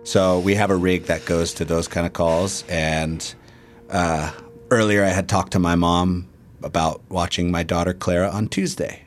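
Deep-voiced firefighter telling his story. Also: steady tone, measured pace, a little hiss or hum. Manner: casual storytelling with fillers. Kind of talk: personal recollection.

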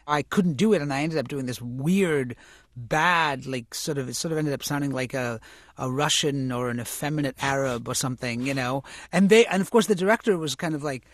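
A man's voice: medium pitch, brisk, no room sound. Male guest, reflective, stop-start phrasing, dry close sound. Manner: reflective, many restarts and "you know". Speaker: actor and author, interview guest. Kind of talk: conversational interview.

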